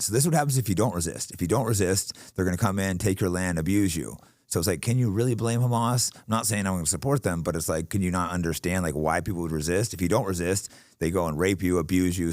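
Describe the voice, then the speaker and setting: A podcast host with a very low voice who talks fast and bluntly. He sounds heated and outspoken in casual talk, close to the mic in a dry studio. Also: darkish tone, no room sound. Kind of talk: casual conversation.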